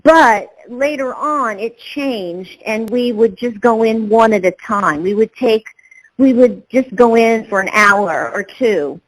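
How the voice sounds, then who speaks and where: Voice-actor guest, woman, fairly high voice, loose and rambling, lots of ums. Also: takes it slowly, poor audio. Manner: rambling, with many fillers and restarts. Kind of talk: interview answers.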